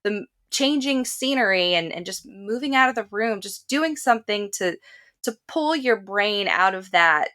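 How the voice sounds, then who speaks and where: Bright-voiced woman podcast host. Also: medium pitch, expressive, normal speed. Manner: candid, reflective personal storytelling. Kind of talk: casual interview chat.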